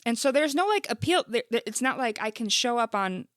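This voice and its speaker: A woman hosting a casual podcast interview, animated and playful, reacting with quick exclamations. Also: a little high, no echo, studio quality. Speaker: podcast host.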